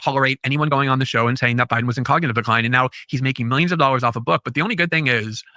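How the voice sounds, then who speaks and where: A man speaks as a guest on a casual podcast and piles on sarcastic asides as his stories tumble out. He talks at a rapid clip with a bright, forceful tone. The sound is close and dry. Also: medium pitch, no room sound. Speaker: guest commentator.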